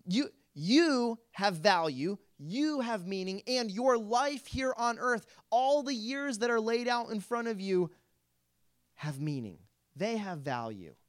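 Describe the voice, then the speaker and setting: Slow and animated, this high-voiced young man is a youth pastor leading a relaxed Bible talk for his youth group. He keeps saying "like" and quizzes the group as he chats along.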